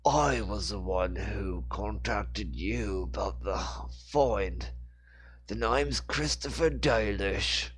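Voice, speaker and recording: A man voicing an older male caretaker with a thick Cockney accent, speaking slowly and deliberately. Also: fairly low pitch, breathy edge. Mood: guarded.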